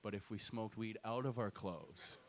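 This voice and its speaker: A man's voice: on the low side, normal speed. A young adult man doing a stand-up set and hosting a comedy night, telling a loose, profane story full of "right?" tags. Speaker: stand-up comic and show host. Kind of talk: stand-up set with crowd work. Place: comedy night venue with live audience.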